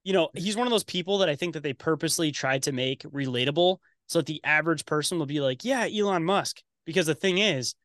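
A man's voice: on the high side, fast talker, few pauses, a bit bright, no room sound, studio quality. A man talking as a podcast guest in casual conversation, blunt and profane with a conspiratorial edge.

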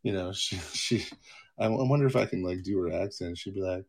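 A man with a low, slightly husky voice hosts a livestream from his home. He rambles loosely, swears freely and mocks himself as he goes. The talk is unscripted. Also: a little fast. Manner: rambling, profane, self-mocking. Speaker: livestream host. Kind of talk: casual rambling monologue.

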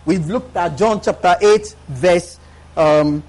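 High-voiced male preacher, call-and-response. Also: slow pace, a little mellow. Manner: preaches with call-and-response, often asking the congregation if they follow; repeats words for emphasis. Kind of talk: live sermon. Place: church before a congregation.

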